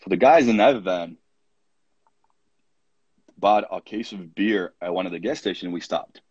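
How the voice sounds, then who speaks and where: A man in his thirties from Poland tells stories from his coaching days in a casual interview, acting out what he said with plenty of fillers. His voice sits low and a little husky. The sound is dry and somewhat muffled. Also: a little slow, no room sound. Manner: animated anecdotes, acts out his own quoted lines, many fillers. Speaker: college soccer coach, podcast guest.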